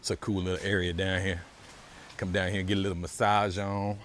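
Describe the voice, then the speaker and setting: A man live-streaming a relaxed walk outdoors by a beach, chatting casually and thanking viewers over and over. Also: low voice, a little fast, a little hiss or hum. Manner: laid-back, thanks viewers for donations, repeats phrases. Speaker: live-streaming walking vlogger.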